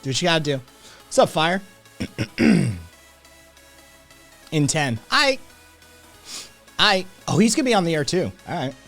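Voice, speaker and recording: A man's voice: on the high side, sing-song, measured pace, pauses often, fairly bright tone, soft background music. Profane, rambling man hosting a livestream. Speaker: podcast host. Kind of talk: casual livestream chat, reading chat.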